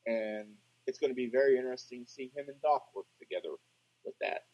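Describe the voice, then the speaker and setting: A man co-hosting a casual podcast, playful, swinging between loud and soft delivery. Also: mid-range voice, quick pace. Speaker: podcast co-host. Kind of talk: casual chat. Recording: dull lo-fi sound.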